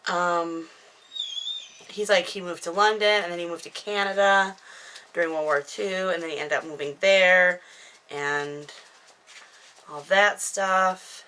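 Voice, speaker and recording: Rambling, self-mocking woman with a low, bright voice. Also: fairly even intonation, slow pace, pauses often, a little hiss or hum. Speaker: author recapping her own book. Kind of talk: casual chatty book recap to camera. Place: at home indoors, dog nearby. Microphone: camera microphone.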